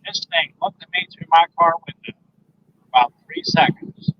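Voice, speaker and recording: A man, a guest on a phone interview, recounting an encounter in a halting, emphatic way with repeated words. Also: a little high, lively intonation, fairly bright tone. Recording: dull lo-fi phone line.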